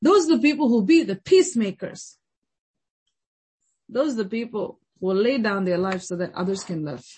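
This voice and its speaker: A woman's voice: mid-range voice, animated, normal speed, darkish tone, slight background noise, low-quality recording. A woman pastor preaching a sermon with emphatic repetition and rhetorical questions.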